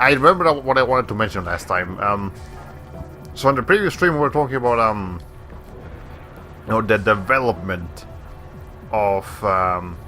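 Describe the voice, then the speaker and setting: A man's voice: on the low side, bright, forceful tone. A man streaming a video game, giving casual, rambling commentary as he plays, laughing often and correcting himself.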